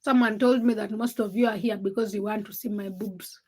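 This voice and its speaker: A woman's voice: medium pitch, fairly even intonation, fairly quick, darkish tone, slightly rough. A tired young woman hosting a late-night livestream, teasing and chatting with viewers as she reads their comments by name. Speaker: livestream host.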